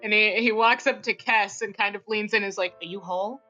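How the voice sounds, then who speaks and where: A woman plays in a tabletop role-play, narrating her character's moves with frequent giggles. Her voice is bright and lively. The recording is a little dull, with faint music underneath. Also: mid-range voice, brisk. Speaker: player.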